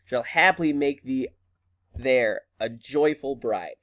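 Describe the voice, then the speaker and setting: A man's voice: mid-range voice, takes it slowly, a bit bright. A man reading a scheming noble mother.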